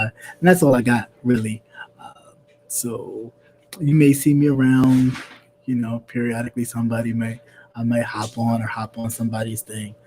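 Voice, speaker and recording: A man from New York hosting a casual chat stream, rambling with lots of fillers and frequent throat-clearing. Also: mid-range voice, dark tone, slight background noise. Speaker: host.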